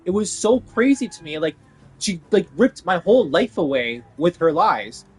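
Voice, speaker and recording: A young man rants to the camera in a fairly high voice, profane and agitated, circling back over the same points again and again. Faint music plays behind him. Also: sing-song, moderate pace, breathy edge, poor audio. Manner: agitated, profane, repetitive venting. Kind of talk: ranting monologue.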